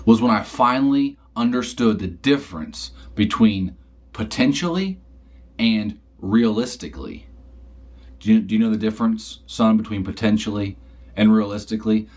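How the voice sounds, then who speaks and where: A man voicing a middle-aged father who lectures his son deliberately. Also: lowish voice, darkish tone, voice pushed down, close to an everyday voice. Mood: lecturing. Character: middle-aged father, wise-cracking dad.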